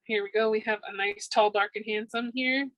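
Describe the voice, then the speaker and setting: A woman's voice: medium pitch, steady tone, moderate pace, a bit bright, no room sound, low-quality recording. A woman giving a casual pick-a-card tarot reading, upbeat and chatty, with frequent ums. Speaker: tarot reader.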